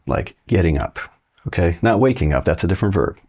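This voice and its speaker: Low-voiced male language teacher, relaxed and encouraging, clear slow examples. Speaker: Spanish teacher. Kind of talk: casual video lesson.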